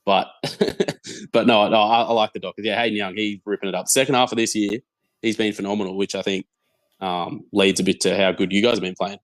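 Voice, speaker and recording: A young Australian man, a podcast guest, chatting casually and telling animated stories, often repeating words as he goes. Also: fairly low pitch, brisk, dry recording. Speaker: guest, football content creator.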